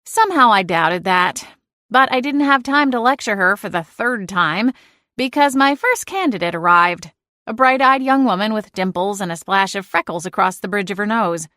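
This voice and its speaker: A woman narrating a cozy audiobook in the first person, lively and expressive. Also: medium pitch, moderate pace, no echo, studio quality.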